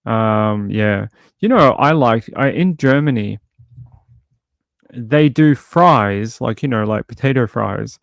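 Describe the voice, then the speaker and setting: A man hosting a livestream, chatting casually and a little rambling. He reads viewer comments and tosses in playful jokes. His voice sits mid-pitch and sounds close and dry. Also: expressive, slow pace, gravelly, no echo. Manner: chatty and rambling, many fillers and restarts; jokey, playful asides. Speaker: livestream host.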